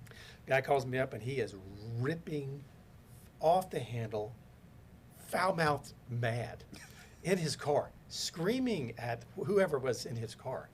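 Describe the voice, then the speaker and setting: Animated male storyteller, mid-pitched. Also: slow pace, slight background noise. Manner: animated storyteller acting out quoted voices. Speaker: podcast guest, business consultant. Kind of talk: casual storytelling interview.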